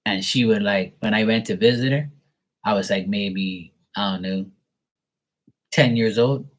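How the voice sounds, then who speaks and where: A man's voice: on the low side, a little slow. A man telling a rambling family story casually, crude and full of filler words. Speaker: tarot reader.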